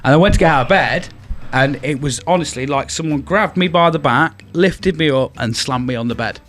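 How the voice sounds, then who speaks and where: A man's voice: on the high side, fairly quick, fairly bright tone, faint music behind. Sweary young English man telling a story. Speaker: podcast co-host. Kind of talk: casual storytelling chat.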